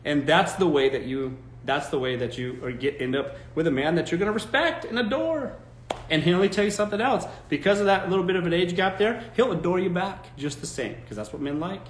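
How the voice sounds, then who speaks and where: A man with a high-sitting, slightly fast voice hosts a live stream of dating advice, ranting bluntly and emphatically, swearing freely, and mocking quoted voices. There's reverb and a little hiss or hum.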